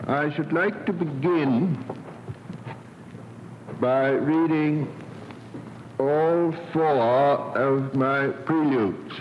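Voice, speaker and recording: A middle-aged man, a poet, giving a formal reading of his own poems in a measured, deliberate way on an old archival recording. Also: on the high side, a little hiss or hum. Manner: slow, measured, deliberate delivery. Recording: dull lo-fi archival recording with long reverb.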